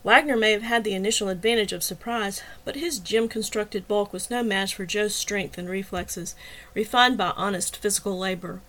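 A woman reading a novel aloud in first person as the narrator, with a steady, expressive delivery. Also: mid-range voice, moderate pace, rough recording. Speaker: audiobook narrator.

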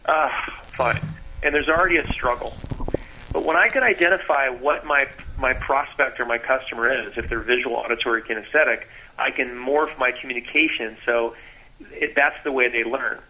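A man's voice: medium pitch, a little fast, poor audio. A man, a sales trainer, explaining with energy as a radio guest and acting out bits of sales talk. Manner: animated, acts out sales dialogues.

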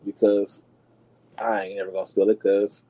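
A man hosting a podcast and dishing celebrity gossip in a sassy, dramatic way, calling his listeners y'all and jumping into high squeals to make a point. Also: little pitch movement, moderate pace, warm tone, rough recording. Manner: swoops into high squeals for emphasis. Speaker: podcast host. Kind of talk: casual gossip commentary.

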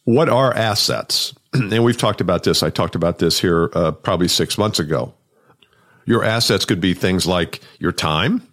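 A man, a sales and business coach, talks alone on his podcast in an energetic, conversational way, often repeating words for emphasis. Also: deep voice, normal speed. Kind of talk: solo podcast monologue.

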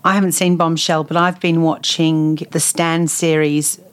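Deep-voiced aussie woman co-host, agreeable, chimes in a lot. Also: flat delivery, clean tone. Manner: agreeable, quick interjections. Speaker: podcast co-host. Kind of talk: casual chat.

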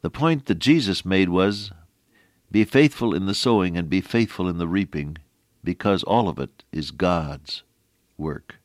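A middle-aged man preaching a folksy radio sermon, quoting scripture in an animated way. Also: deep voice, measured pace, no room sound, clean studio sound.

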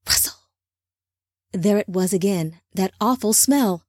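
A woman's voice: mid-range voice, unhurried, long pauses, a little mellow, no echo, studio quality. Woman narrating a fantasy audiobook.

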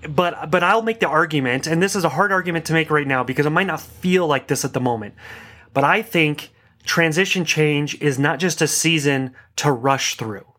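A man's voice: fairly high pitch, moderate pace, sharp tone. A man gives a conversational talk, telling self-deprecating stories with rambling asides. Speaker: speaker giving a talk on life transitions.

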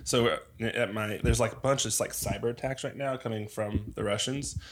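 A man talks casually with friends and tosses in quick, jokey one-liners. He laughs easily. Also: fairly low pitch, steady tone, a little hiss or hum. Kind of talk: casual chat.

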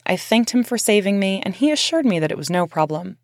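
A woman's voice: mid-range voice, sing-song, fairly quick, no echo, clean studio sound. A woman reading her memoir aloud as narrator, in a candid, conversational way with casual swearing.

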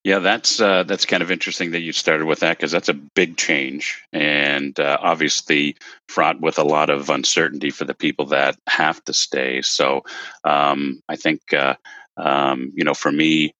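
Man with an extremely deep voice. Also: flat delivery, bright, forceful tone, dry recording, dull audio. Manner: measured, with frequent ums and uhs. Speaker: panel guest. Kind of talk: conversational panel answer.

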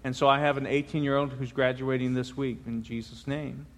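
A man's voice: medium pitch, level tone, brisk. A middle-aged man preaching a sermon as pastor, talking informally with frequent restarts and filler words. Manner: informal, rambling, with many restarts. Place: large church sanctuary. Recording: long church hall reverb.

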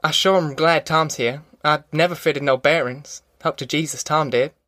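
A man's voice: a little high, steady tone, normal speed, pushed and bright, no room sound, clean studio sound. A man voicing a touchy, defensive teenage farm boy with a rural dialect, in an audiobook.

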